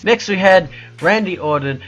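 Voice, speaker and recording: A man's voice: high voice, fairly bright tone, faint music behind. A young man casually reviewing wrestling matches on his own show, rambling and joking, often correcting himself mid-sentence. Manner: rambling, quick, jokey with self-corrections. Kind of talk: casual solo review chat.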